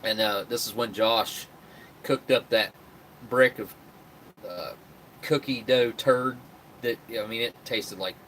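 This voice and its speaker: A man's voice: mid-range voice, slow pace, pauses often, fairly bright tone, slight background noise. A man hosting a live stream, rambling chattily and reading out viewer comments. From West Virginia. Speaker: livestream host. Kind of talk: casual live-stream chat.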